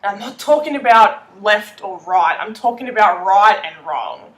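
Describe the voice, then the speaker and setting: A woman's voice: medium pitch, very animated, normal speed, fairly bright tone, reverberant. A young woman with an Australian accent chatting playfully in a casual vlog, laughing often as she talks. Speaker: vlogger.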